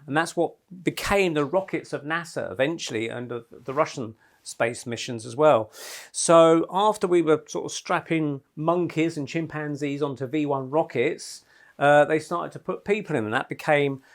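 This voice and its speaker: A man's voice: fairly high pitch, normal speed. A middle-aged man presenting a rambling, chatty talk to a small group in a house. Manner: rambling, chatty, with many fillers.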